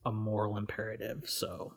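A man's voice: fairly low pitch, completely flat delivery, normal speed, vocal fry, breathy edge. A man being interviewed on a podcast, talking bluntly with many fillers and restarts. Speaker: guest, independent researcher running a news project.

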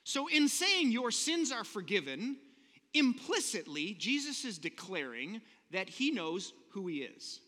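Animated preacher in a reverberant hall. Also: male voice, sits high, unhurried. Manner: animated storytelling with jokes and voices. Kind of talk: sermon.

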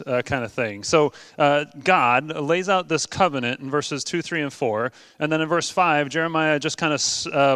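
A man preaching with a slightly high, smooth voice. He talks earnestly and conversationally, often pausing on ums and uhs. The sound is dry and close, with no room echo. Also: a bit bright. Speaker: pastor. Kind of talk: sermon.

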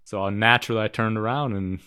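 A man's voice: fairly low pitch, fairly even intonation, fast talker, pushed and bright, clear, resonant tone. A young man co-hosting a podcast, telling a story with frequent laughter and profanity in casual chat. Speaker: podcast co-host.

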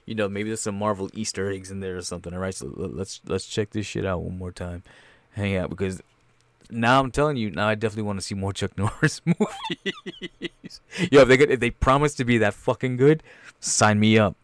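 A man giving a loud, laughing, profane comedic reaction to a movie trailer, full of slang. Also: on the low side, a little fast, no echo.

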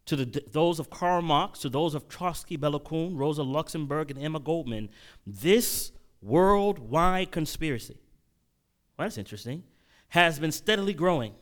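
A male preacher giving a sermon-style lecture, often restarting his phrases and building to loud, emphatic bursts. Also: on the high side, expressive, moderate pace. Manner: repeats and restarts while reading quotes aloud.

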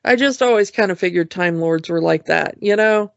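A podcast co-host in casual chat, relaxed and easygoing, who peppers every thought with "you know". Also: medium pitch, normal speed, gravelly, no echo. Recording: dull lo-fi sound.

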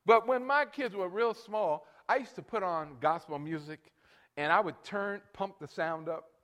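This pastor, in his late sixties, speaks in a high-pitched, unhurried way as he preaches. Family stories fill his sermon, he gives directions to the band and congregation, and he grows loud to drive points home.

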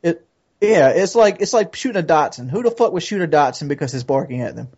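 A man's voice: fairly high pitch, very animated, fast, a little mellow, slightly rough, lo-fi sound. A man recounting a news story and arguing his view in a profane, opinionated way over a call. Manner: argumentative, profane. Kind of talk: opinionated chat. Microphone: call audio.

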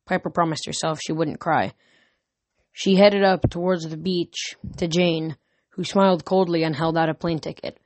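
A woman narrating an audiobook in a steady, earnest storytelling manner, recorded close. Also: low voice, moderate pace, no echo.

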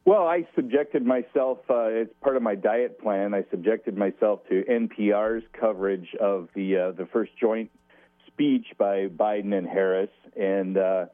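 A law professor speaking as a guest on a radio show, measured with a dry humor. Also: male voice, fairly low pitch, dry recording, narrow, tinny audio. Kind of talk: radio interview.

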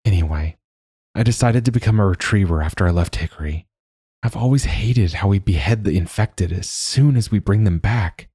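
A man voicing a calm, earnest young female recruit in an audiobook story. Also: sits low, normal speed, husky, dry recording, pitched above the performer's own voice.

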